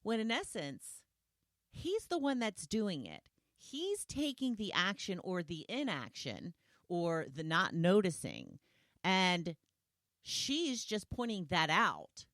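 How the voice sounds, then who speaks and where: A woman's voice: on the low side, wildly swooping pitch, takes it slowly, a bit bright, dry recording, studio quality. A woman hosting a solo podcast, talking conversationally and retelling scenes with quoted lines. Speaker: podcast host.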